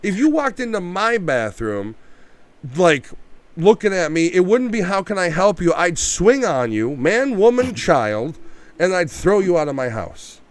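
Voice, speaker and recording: A man's voice: high voice, a little slow, no room sound. A man co-hosting a casual movie review podcast, swearing freely and acting out scenes. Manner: animated, profane, acts out quotes. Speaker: podcast co-host.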